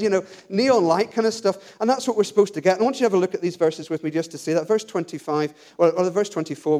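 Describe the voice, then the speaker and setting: A man preaching a sermon in church, emphatic and animated, repeating words as he builds his lists. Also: high-pitched. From England.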